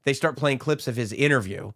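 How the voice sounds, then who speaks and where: Animated storytelling podcast man. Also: medium pitch, brisk, dry recording, clean studio sound. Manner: animated storyteller acting out the people he describes. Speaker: podcast co-host. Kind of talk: casual chat.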